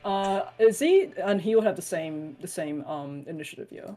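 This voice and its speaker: A woman's voice: fairly low pitch, normal speed, mellow, faint music behind. A woman running a tabletop game, chatting casually and asking the players a lot of bemused questions. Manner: bemused, asks lots of questions. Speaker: game master.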